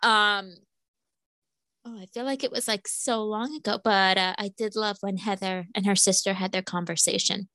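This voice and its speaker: A woman's voice: mid-range voice, fairly even intonation, normal speed, pushed and bright, no echo. A woman co-hosting a podcast, agreeable and giggly in casual chat about reality TV. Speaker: podcast co-host.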